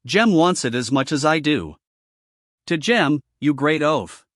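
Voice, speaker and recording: Brief: eager young maid, blunt and breathless, voice pitched up, played by a man reading a storybook. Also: animated, a little slow, a bit bright, no room sound, clean studio sound. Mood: exasperated. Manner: breathless, pleading rush. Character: eager young female servant, bold and blunt.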